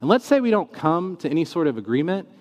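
Lively teacher man in an echoing room. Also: a little high, fast, dull audio. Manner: animated, acts out quoted questions in shifting tones. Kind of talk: casual teaching talk. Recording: long reverb in a large room.

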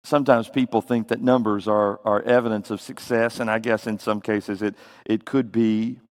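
A man from Tennessee with a Southern accent, preaching a sermon with folksy, animated storytelling. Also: lowish voice, normal speed, in a large hall.

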